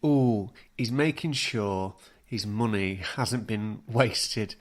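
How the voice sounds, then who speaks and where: A man co-hosting a podcast, chatting casually in a jokey, playful way. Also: lowish voice. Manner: jokey, playful, quick to laugh. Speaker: podcast co-host. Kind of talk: casual comedic chat.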